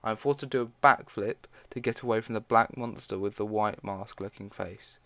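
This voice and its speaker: A man with a lowish voice reads a fan story aloud in a relaxed, casual way. He trips over words now and then and breaks off for quick asides of his own. The sound is dry and close, with no room around it. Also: no echo. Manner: reads with frequent stumbles and side comments. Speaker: fan fiction reader.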